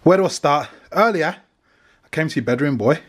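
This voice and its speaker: A man's voice: fairly high pitch, lively intonation, brisk. A British man vlogging with his family, teasing and joking on a handheld camera. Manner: teasing, jokey, bantering. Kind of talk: casual family vlog.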